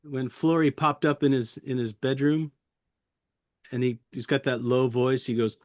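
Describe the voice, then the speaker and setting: A middle-aged man, a puppeteer guest, reminiscing in an interview with a friendly, chuckling manner and many pauses. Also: mid-range voice, fairly even intonation, no echo, studio quality. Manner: friendly, chuckling, halting with fillers.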